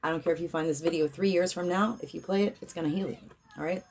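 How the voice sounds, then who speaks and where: A woman's voice: fairly low pitch, fairly even intonation, fast, darkish tone. A woman giving a casual tarot reading, rambling and correcting herself, then breaking into intoned healing chants. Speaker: tarot reader and energy healer.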